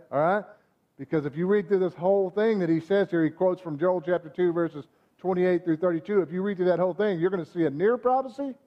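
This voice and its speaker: A male pastor delivers a sermon in a relaxed, conversational way, checking in with the congregation. His voice sits high for a man. The recording sounds somewhat dull and muffled. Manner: conversational preaching, frequent "amen?" asides to the congregation.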